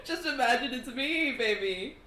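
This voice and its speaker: A woman playing in a tabletop game who cheers and shouts excitedly for her character. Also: high-pitched, moderate pace, roomy sound, heavy background noise. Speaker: player. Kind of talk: casual tabletop play.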